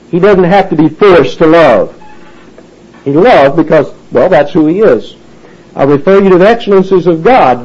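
A man teaching a Bible passage word by word, deliberate and emphatic, lifting his pitch to stress key words. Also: darkish tone. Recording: dull lo-fi recording.

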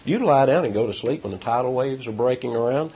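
A man preaching a sermon with animated delivery, his pitch jumping up for emphasis, with halting restarts. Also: slightly rough. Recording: dull lo-fi sound.

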